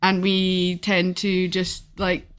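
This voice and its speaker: A woman's voice: on the low side, monotone, slow, clear, resonant tone. A woman co-hosting a podcast, chatting casually with many fillers and frequent laughter. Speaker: podcast co-host. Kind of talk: casual conversation.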